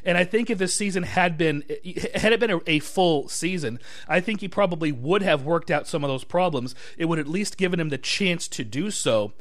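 A man appearing as a podcast guest, giving steady, analytical takes. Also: on the high side, normal speed, hardly any pauses. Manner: analytical, steady, stats-heavy. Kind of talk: casual podcast chat.

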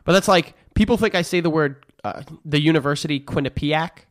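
A man's voice: a little high, a little fast. A man guesting on a podcast with a nasal voice, just over the flu, joking wryly in casual chat. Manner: wry, joking. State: recovering from flu.

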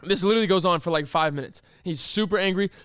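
A man's voice: sits high, fast talker, clean tone, dry recording, clean studio sound. A young man, a podcast host telling a story casually and animatedly with lots of fillers. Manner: animated, with many fillers and reenacted quotes.

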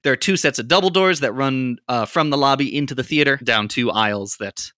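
A game master narrating a tabletop role-playing game, with many fillers and halting restarts as the scene is set. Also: medium pitch, pushed and bright, dry recording, studio quality.

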